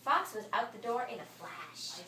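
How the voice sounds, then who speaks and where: A woman reading a children's picture book aloud to a child, with animated storytelling. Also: a little high, normal speed, a crowd in the background. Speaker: reader to a child. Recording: echoey room from far off.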